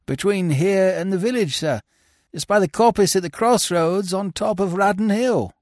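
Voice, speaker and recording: A man's voice: high-pitched, normal speed, a little mellow, no room sound, clean studio sound, pitched above the performer's own voice, lightly acted. A man voicing an injured male groom who speaks feebly and shakily, in an audiobook reading. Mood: shaken. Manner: feeble, shaken.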